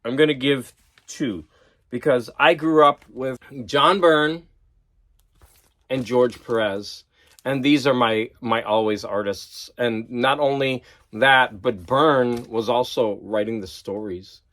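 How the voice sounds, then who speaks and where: A man chatting casually in a vlog, excited and laughing at himself as he geeks out over comics. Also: medium pitch, takes it slowly. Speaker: vlogger. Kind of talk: casual chat.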